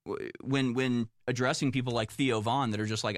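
Dude reading headlines and ranting about them, sarcastic, exasperated, mid pitch, dry sound. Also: male voice, normal speed, dry recording. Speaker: political commentator. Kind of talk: reading news and commenting.

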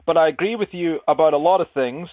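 A man's voice: a little high, no room sound. Earnest man calling in from Scotland. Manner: polite, earnest, measured. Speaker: caller. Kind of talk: phone-in call. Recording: tinny phone line.

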